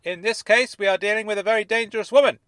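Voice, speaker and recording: A man voicing an eager, excitable man who talks high, loud and pressing. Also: fairly quick, vocal fry, dry recording, studio quality, full character voice. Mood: insistent.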